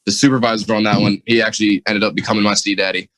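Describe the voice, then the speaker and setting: A man in his twenties, a commercial diver and podcast guest, chatting in a relaxed way with frequent laughs. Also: lowish voice, racing, dry recording, low-quality recording. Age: 20s. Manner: laid-back, laughs often, swears freely. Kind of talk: casual podcast chat.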